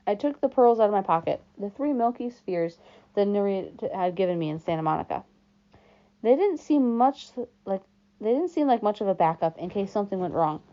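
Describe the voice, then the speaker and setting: A woman reading a novel aloud in calm, first-person storytelling narration. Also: mid-range voice, moderate pace. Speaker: audiobook reader. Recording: dull lo-fi recording.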